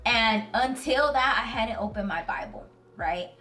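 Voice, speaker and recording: A woman's voice: on the high side, measured pace, distant mic. Earnest woman giving a slangy Bible talk. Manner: animated, slangy storytelling; earnest, emotional. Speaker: Christian video host.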